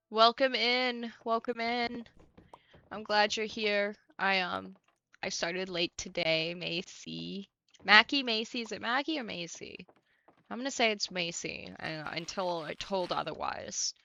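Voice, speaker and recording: Blunt, gravelly young woman streamer. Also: mid-range voice, measured pace, sharp tone, muffled recording. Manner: blunt, ranting, swears freely. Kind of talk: casual stream chat while playing.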